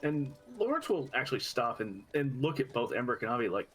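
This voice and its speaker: A man's voice: mid-range voice, sing-song, a little fast, fairly bright tone, faint music behind, low-quality recording. A man playing in a tabletop game, describing his character in a thoughtful way. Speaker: player.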